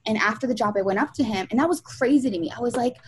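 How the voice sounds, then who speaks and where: A woman's voice: on the high side, rapid-fire, slight background noise, poor audio. A young woman, a music video producer, chatting in a casual interview and telling stories with lots of fillers and acted-out quotes. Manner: chatty storyteller, many fillers, acts out quotes.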